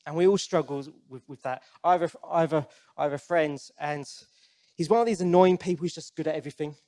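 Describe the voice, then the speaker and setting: Earnest, slightly high-voiced male preacher. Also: fast talker, dark tone. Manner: earnest, conversational, with frequent restarts and repetitions; asks the congregation direct questions. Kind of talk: sermon.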